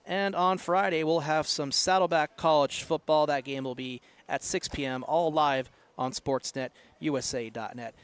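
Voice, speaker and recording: A man calling a college football game as the play-by-play announcer, his voice sitting a bit high. He talks in an easygoing, conversational way as he wraps up the broadcast and reads the coming schedule. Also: a little hiss or hum. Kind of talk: live sports commentary. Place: outdoor stadium press box.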